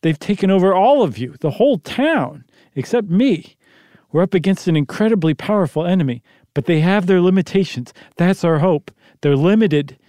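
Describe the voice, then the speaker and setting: A man's voice: sits high, lively intonation, normal speed, mellow, dry recording, studio quality, pitched above the performer's own voice. A man reading the part of an urgent, commanding father who barks orders, in a story read aloud.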